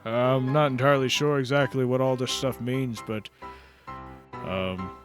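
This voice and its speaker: A man voicing a puzzled dwarf who speaks in a hesitant, low-key way. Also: steady tone, unhurried, soft background music, natural voice. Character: puzzled dwarf in a guild hall.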